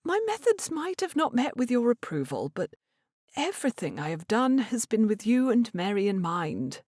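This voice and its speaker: A woman reading as a proud and stubborn Regency mother, clipped and weary, her voice lifted well above the narration and swinging widely in pitch. It sounds dry and close, with no room around it. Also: sing-song, normal speed, a little mellow, no echo. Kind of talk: audiobook character reading.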